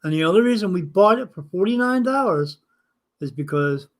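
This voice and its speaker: An older man, a spirit medium hosting a live stream, telling a casual anecdote in an animated way, acting out the dialogue and swearing now and then. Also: high-pitched, brisk.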